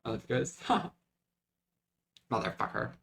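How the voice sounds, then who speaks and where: A man's voice: mid-range voice, slow pace, gravelly, fairly bright tone, slightly rough. A man in his twenties talking candidly to a phone camera on the go, swearing and switching between jokes and venting. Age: 20s. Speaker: vlogger. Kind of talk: casual vlog talk to camera. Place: out and about, car and stores.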